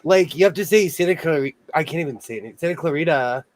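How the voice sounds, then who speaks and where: A man in a casual group chat, joking and quick to laugh. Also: a little high, lively intonation.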